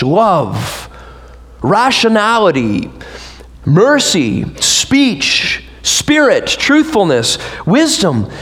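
Animated man preaching a sermon. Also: high voice. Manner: animated preaching with rhetorical questions and asides. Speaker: pastor.

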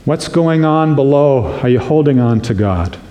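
A man preaching a sermon as pastor, slow and earnest, acting out prayers in quotes. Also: mid-range voice, animated, mellow, highs cut off. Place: church sanctuary. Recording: echoey church room.

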